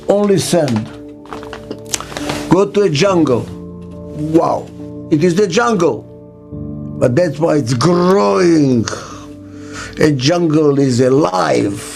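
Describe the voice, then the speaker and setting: A man's voice: fairly high pitch, gravelly, a little mellow. An older man working as a business consultant, answering interview questions in short, emphatic sentences and asking rhetorical questions. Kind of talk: interview answer, speaking to camera.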